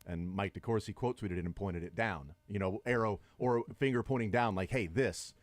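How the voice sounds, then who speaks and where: Low-voiced man hosting sports radio. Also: moderate pace, no echo. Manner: conversational, argumentative, builds long points. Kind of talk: sports talk radio banter.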